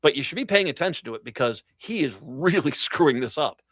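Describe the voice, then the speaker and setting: A man's voice: a little high, expressive, fairly quick, a bit bright, no room sound. Sarcastic male talk radio host. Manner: sarcastic, mocking asides, laughs at his own jokes. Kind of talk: political commentary reading news.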